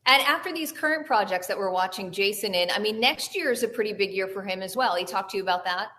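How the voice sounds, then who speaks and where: A woman's voice: medium pitch, quick pace, pushed and bright. A woman hosting a news show, chatting in a friendly, conversational way with a correspondent. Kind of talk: casual news chat.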